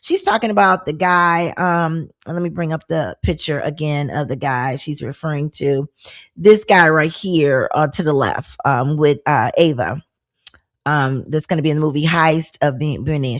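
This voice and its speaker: A woman hosting a live-streamed talk show, chatting loosely and reading out viewer comments with frequent laughs and exclamations. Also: low voice.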